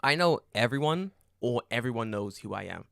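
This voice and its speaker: A man co-hosting a podcast, talking in a lively, storytelling way with frequent swearing and bursts of laughter. His voice sits at a middle pitch and sounds close and dry on the mic. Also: a little fast, creaky, smooth, no echo. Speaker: podcast co-host. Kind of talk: casual chat.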